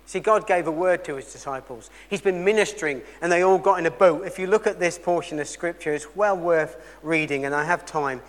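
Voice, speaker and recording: High-pitched preacher in a reverberant hall. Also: male voice, normal speed. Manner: earnest storytelling, shifting between loud emphasis and quiet intensity. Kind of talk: sermon.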